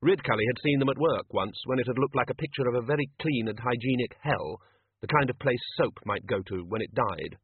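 Male narrator, dry even read, husky, phone-like audio. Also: mid-range voice, brisk, dry recording.

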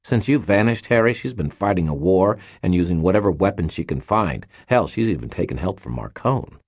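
A man's voice: sits low, expressive, a little fast, darkish tone, breathy edge, full character voice. A man voicing a small, clever, exasperated man who speaks up sharply. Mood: indignant.

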